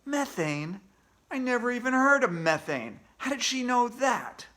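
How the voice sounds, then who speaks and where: A man voicing a cocky, impatient schoolboy in a read-aloud storybook, loud and complaining. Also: very high-pitched, sing-song, measured pace, pitched above the performer's own voice, full character voice. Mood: brash.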